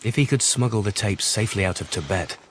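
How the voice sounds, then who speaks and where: A man giving scripted documentary narration in a measured, even storytelling manner. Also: on the low side, noisy background. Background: music.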